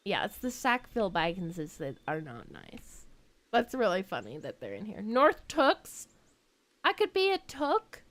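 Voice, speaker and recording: A woman streaming a game, chatty and giggly, thinking out loud as she plays. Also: medium pitch, wildly swooping pitch, unhurried. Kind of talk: casual game reaction stream.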